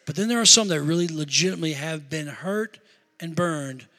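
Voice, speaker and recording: A man's voice: a little high, fairly quick, sharp tone, long reverb tail. A middle-aged man preaching a sermon as pastor, emphatic, with call-and-response asides to the congregation.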